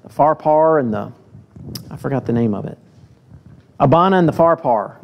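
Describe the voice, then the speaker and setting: A man preaching a sermon in a church, reading scripture with lively acted voices and then talking plainly to the congregation with direct questions. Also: mid-range voice, moderate pace, dull audio, a little hiss or hum. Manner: asks the listeners direct questions.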